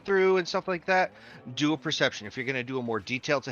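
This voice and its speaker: Male game master, high-ish bright voice, loose and jokey, muffled lo-fi mic. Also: lively intonation, quick pace. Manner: rambling, joking, lots of restarts. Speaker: dungeon master. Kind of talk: running a tabletop game. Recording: dull lo-fi audio.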